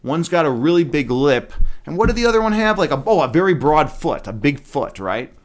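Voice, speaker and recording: A man reading a fairy tale aloud as a streamer, breaking off into profane, excitable, rambling commentary. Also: fairly high pitch, a little fast.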